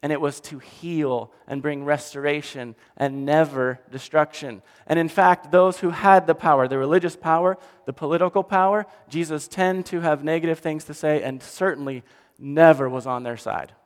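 Male pastor, somewhat high voice, lively storytelling sermon, long hall reverb. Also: normal speed. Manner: animated storytelling, drops to quiet for emphasis.

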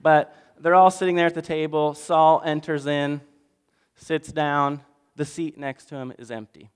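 Casual preacher in an echoing hall. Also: male voice, on the high side, level tone, a little slow, smooth. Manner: casual, jokey, swings from loud to hushed. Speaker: pastor. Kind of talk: animated storytelling sermon.

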